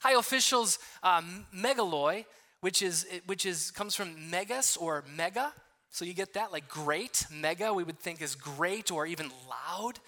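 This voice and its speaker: A man's voice: high voice, expressive, a little slow, pushed and bright. A man preaching a sermon, explaining a passage word by word with frequent restarts and asides. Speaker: pastor.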